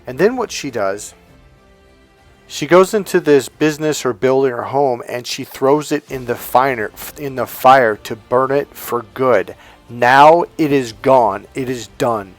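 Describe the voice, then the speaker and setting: A man's voice: mid-range voice, measured pace, faint music behind. Man giving an emphatic coaching talk. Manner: storytelling, emphatic repetition. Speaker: life coach. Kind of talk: casual motivational monologue.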